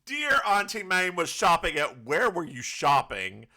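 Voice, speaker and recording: A man's voice: high voice, very animated, a little slow, background noise. A man with a Southern US accent co-hosting a podcast, recapping a TV episode in campy, teasing banter. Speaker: podcast co-host. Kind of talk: casual comedic recap chat.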